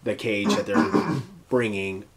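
A man's voice: fairly low pitch, steady tone, slow pace, a loud crowd. A man co-hosting a casual TV recap chat, with a teasing, joking way of talking. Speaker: podcast co-host.

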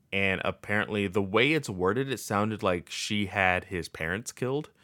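A low-pitched, slightly bright male voice, recorded without echo, recaps a game's story casually. He rambles, leaning heavily on fillers like "uh" and "like."

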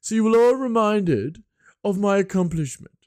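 A man's voice: high voice, expressive, normal speed, a little mellow, no echo, clean studio sound, voice pushed up. A man putting on a pompous, posh British king making grand proclamations. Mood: grandiose.

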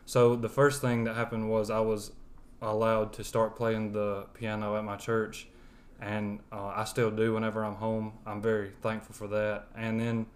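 A man's voice: fairly low pitch, completely flat delivery, normal speed. Young man with a thick Alabama drawl. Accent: thick Southern US, Alabama. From West Alabama. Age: young adult. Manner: earnest, rambling with fillers. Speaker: podcast guest. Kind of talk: sharing a personal testimony.

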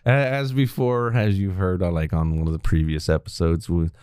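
A man's voice: deep voice, steady tone, moderate pace, darkish tone, smooth, dry recording, studio quality. Laid-back man chatting on a podcast. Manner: laid-back storyteller, swears freely. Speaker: podcast co-host. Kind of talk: casual chat.

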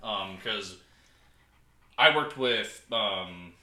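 A man's voice: lowish voice, lively intonation, drawn-out words, bright, forceful tone, echoey room. A man telling a crude work story in casual chat, laughing and acting out what people said. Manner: crude, laughing, acts out quotes. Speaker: podcast co-host.

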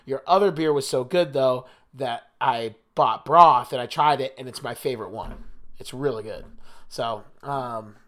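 A young New Jersey man co-hosting a podcast talks a little slowly in a medium, somewhat bright voice. The conversation is casual and meandering, with plenty of fillers and restarts.

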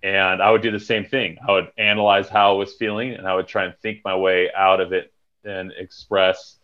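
A man's voice: sits low, little pitch movement, moderate pace. A man talking candidly and reflectively in a podcast conversation, swearing casually. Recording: dull lo-fi recording.

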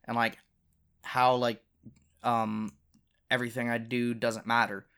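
A man's voice: mid-range voice, flat delivery, unhurried, a bit bright, clear, resonant tone. A young man hosting his own podcast, telling a personal story in a casual, profane, exasperated way, with frequent laughs between lines. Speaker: podcast host.

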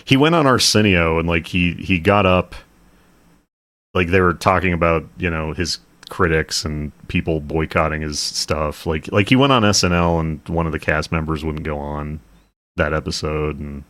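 A man's voice: very deep voice, moderate pace, a bit bright. A man co-hosting a podcast in casual chat, rambling and laughing a lot as he talks. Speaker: podcast co-host.

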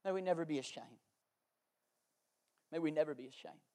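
Pastor, male, higher voice, sermon delivery, shifts between bold proclamation and hushed storytelling. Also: fairly quick. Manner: emphatic preaching, moving between loud declarations and quiet storytelling. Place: church.

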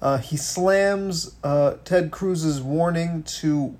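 A man co-hosting a casual political commentary podcast, animated and swearing, with many stumbling restarts. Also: fairly high pitch, takes it slowly. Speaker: podcast co-host.

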